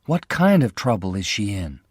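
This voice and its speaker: A man reading a story, voicing a protective young shop owner who speaks softly and directly. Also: on the low side, big pitch swings, normal speed, husky, no echo, studio quality. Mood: concerned. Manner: soft, direct.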